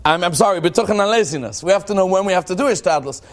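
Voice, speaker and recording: A rabbi giving a lively, joking religious talk to a live audience, questioning them and acting out what people say. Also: male voice, sits high, racing. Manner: animated and joking, acts out quoted thoughts in a dramatic voice.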